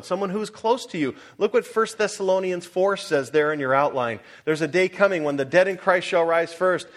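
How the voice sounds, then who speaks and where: A high-pitched middle-aged man preaches a sermon, posing questions to the congregation. His delivery moves back and forth between booming exhortation and quiet personal recollections.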